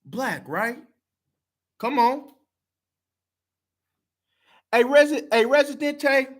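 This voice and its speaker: A man's voice: very high-pitched, animated, very slow. A man talking straight to camera, blunt, profane and heated, repeating himself to press his point. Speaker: video commenter. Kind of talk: casual talk to camera.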